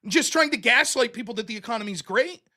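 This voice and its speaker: A man's voice: very high voice, expressive, fast talker, pushed and bright. A man hosting a show, delivering a blunt, profane, sarcastic political commentary rant. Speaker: show host.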